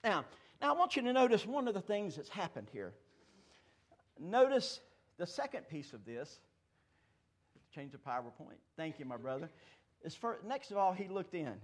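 A man in his fifties preaching a sermon in a church, folksy and joking, swinging between loud declarations and hushed asides. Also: high voice, big pitch swings, moderate pace, pauses often. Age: 50s. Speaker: pastor. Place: church sanctuary.

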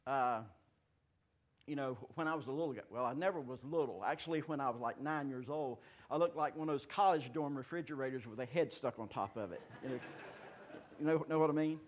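A man in his fifties preaching a sermon in a church, folksy and joking, swinging between loud declarations and hushed asides. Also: mid-range voice, brisk. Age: 50s. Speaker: pastor. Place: church sanctuary.

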